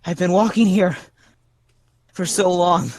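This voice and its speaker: A terrified dead man's shade, stammering and begging to be rescued from the dark, as a game master puts him on. The voice sits a bit higher than the game master's own and frays with panic. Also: steady tone, a little slow, no echo. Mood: desperate. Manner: frantic, pleading, stammering. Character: panicked young man, a dead human shade lost in darkness.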